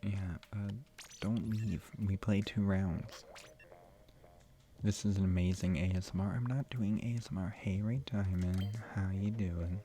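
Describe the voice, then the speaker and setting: A young man streaming a game late at night, talking quietly and half-whispering in a rambling, restarting way so he won't wake his sister. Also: sits low, steady tone, a little slow. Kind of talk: quiet live stream chat while playing. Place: room at home at night. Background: game music.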